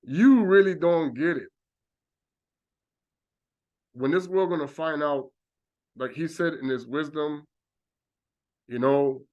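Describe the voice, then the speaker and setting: A man's voice: fairly high pitch, slow pace, long pauses, a little mellow, muffled recording. A man giving an informal sermon as a religious teacher, acting out mocking voices of doubters.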